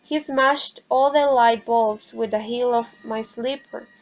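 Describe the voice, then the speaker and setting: A woman voicing a calm, easygoing young married woman, reading her lines slowly from a play script. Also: on the high side, poor audio.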